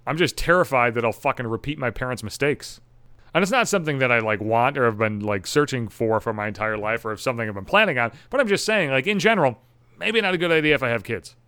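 A man's voice: medium pitch, lively intonation, fast talker, bright, forceful tone, smooth, dry recording. A young man hosting a solo podcast, ranting bitterly and sarcastically with heavy swearing. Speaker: podcast host.

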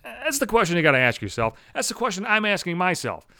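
A podcast host in his thirties from the Buffalo area, USA, delivers a profane, exasperated and sarcastic casual monologue. His voice is high, very animated and sharp, and he talks fast in clean studio sound with no room echo.

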